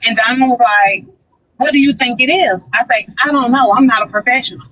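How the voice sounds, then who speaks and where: Talking a little fast in a fairly high voice, a woman guest on a livestream animatedly relates a dispute and acts out what was said. The recording sounds dull.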